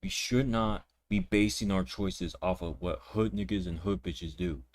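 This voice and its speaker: A young man hosting a reaction video, ranting with indignation and plenty of swearing. His voice sits on the low side, and he often repeats words and restarts his sentences as he talks. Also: a little slow. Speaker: reaction channel host. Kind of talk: reaction commentary.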